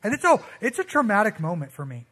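A young man preaching a casual, animated sermon, telling stories in a slangy way and acting out the voices he quotes. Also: sits high, quick pace.

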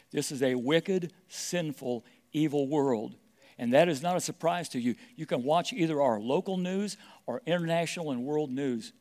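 Emphatic preacher. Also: male voice, mid-range voice, darkish tone. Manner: emphatic preaching with repeated phrases. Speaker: pastor. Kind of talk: sermon.

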